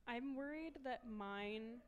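A woman's voice: fairly high pitch, takes it slowly, muffled recording. A teenage girl hosting a casual chat, rambling with lots of fillers. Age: teens.

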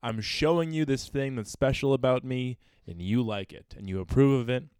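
A man's voice: mid-range voice, moderate pace, darkish tone, smooth, no echo, studio quality. A man co-hosting a casual book discussion podcast, easygoing and thinking aloud. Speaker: podcast co-host.

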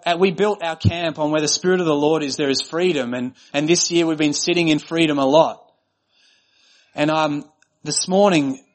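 Earnest pastor, man with a slightly high voice. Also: a bit bright. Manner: earnest, conversational preaching with repeated phrases. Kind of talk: sermon.

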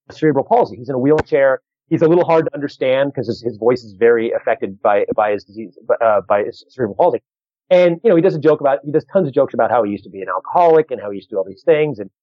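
A man's voice: mid-range voice, no room sound, muffled recording. A man who does stand-up comedy, chatting casually and telling a story with lots of restarts and voiced quotes.

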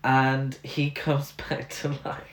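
Slow and monotone, a mid-range male voice carries an exasperated, filler-heavy rant while co-hosting a casual film review podcast. The recording has a roomy echo.

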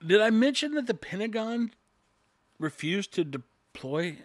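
A man's voice: sits high, sing-song, measured pace, no room sound. A man, a construction worker, in a sarcastic, rambling opinion monologue to his viewers.

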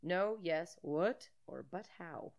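A woman's voice: on the low side, animated, slow pace, gravelly, muffled recording. A woman co-hosting a casual podcast, reading a quiz aloud in a playful way, swearing freely and laughing often. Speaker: podcast co-host.

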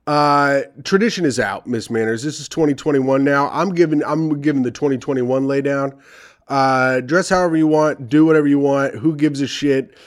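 A man's voice: medium pitch, moderate pace. A young man reading advice letters aloud and ranting about them with sarcastic, profane commentary. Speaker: comedy podcast host reading advice columns.

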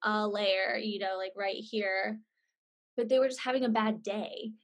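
A woman hosting a casual chat, talking in a relaxed way full of "like"s and "you know"s. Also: medium pitch, unhurried.

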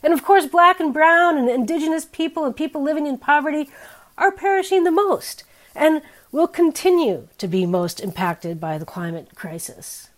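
A woman in her fifties preaching a sermon in a candid, wry, conversational way, her pitch and loudness swinging widely. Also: animated, normal speed.

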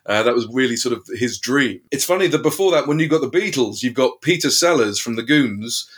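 A man's voice: medium pitch, animated, a little fast, a bit bright, husky. A British man co-hosting a podcast, talking casually with many fillers and restarts. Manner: rambling, hesitant, many restarts. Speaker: podcast co-host and author. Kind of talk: casual conversation.

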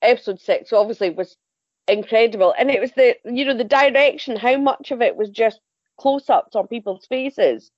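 A woman's voice: on the high side, moderate pace, no echo, muffled recording. A woman contributing to a podcast chat, talking enthusiastically about TV shows. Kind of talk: casual chat.

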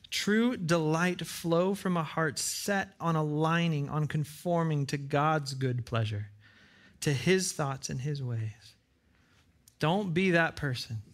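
A man preaching a sermon as pastor in a church, earnest, repeating phrases for emphasis and acting out short dialogues. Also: a little high. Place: church with side screens.

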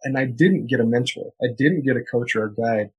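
A man speaks as a podcast guest, answering questions with earnest, motivational emphasis. His voice sits in a middle pitch range and has a slightly husky, breathy grain. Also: fairly quick, poor audio. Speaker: guest author and entrepreneur.

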